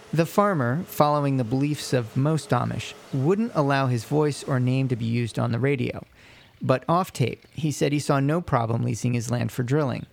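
Male radio reporter, gravelly, dry close sound, measured scripted delivery. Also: medium pitch, darkish tone, no room sound. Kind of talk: scripted news narration.

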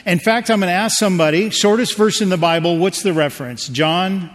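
A pastor delivers a sermon, talking to his congregation in a loose, joking way and calling on them to answer. His voice sits a little high for a man. The sound rings with the long reverb of a large hall. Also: fairly quick. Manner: conversational preaching with jokes and audience prompts.

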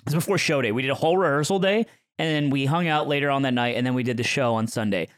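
A podcast co-host tells a story in casual chat, animatedly acting out what others said. His medium-pitched voice moves very fast, with clean studio sound and no room sound.

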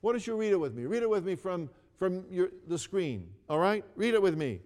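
A man's voice: high voice, sing-song, brisk, few pauses, a little mellow, long reverb tail. A male preacher giving a sermon, telling a story earnestly, repeating phrases and inviting listeners to read scripture along with him.

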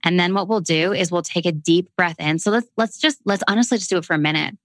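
Canadian woman guiding slow breathwork. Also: fairly low pitch, no room sound. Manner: slow, soothing guidance with long pauses. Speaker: breathwork guest. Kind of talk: casual chat and guided breathwork.

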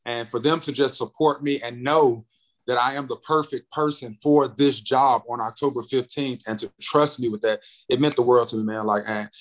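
A young man from North Carolina, a comedian and radio host, telling his story in a casual interview and acting out quotes. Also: low-quality recording. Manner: animated, acts out quotes with big pitch jumps.

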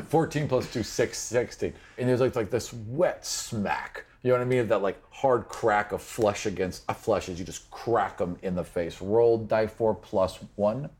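A low-voiced man narrates as game master, calling rolls and painting violent scenes in a loose, rambling way. He leans on "like" and restarts as he describes the action. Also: unhurried. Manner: loose, filler-heavy description.

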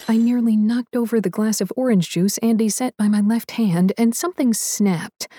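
A woman's voice: on the high side, moderate pace, few pauses, dark tone, dry recording. A woman reading a first-person story aloud with a wry, dry touch. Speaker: audiobook narrator. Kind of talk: scripted first-person narration.

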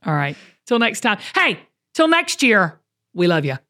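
A woman's voice: medium pitch, big pitch swings, moderate pace, sharp tone, no echo, studio quality. A middle-aged woman, hosting a casual chat and talking in an upbeat, motivational way. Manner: upbeat, motivational, uses y'all. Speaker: show host.

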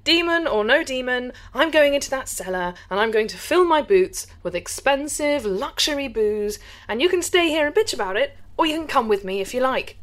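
A woman's voice: sits high, animated, moderate pace, few pauses. A woman playing Gloria, a posh young woman who drinks and swears freely, in an audio drama. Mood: defiant.

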